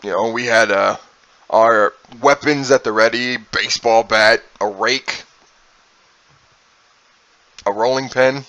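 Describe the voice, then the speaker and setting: A man's voice: mid-range voice, slow, pauses often, dry recording, muffled recording. A man in his twenties, a streamer, telling crude stories casually and with lots of swearing, often laughing at himself. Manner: animated, profane, laughing at his own tale. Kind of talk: casual storytelling.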